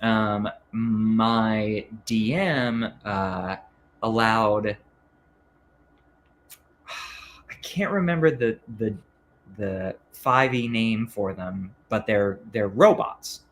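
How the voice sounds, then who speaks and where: A man's voice: fairly low pitch, extremely slow, pauses often, a little hiss or hum. A man being interviewed as a comic book writer, talking casually and hesitantly with many ums and restarts.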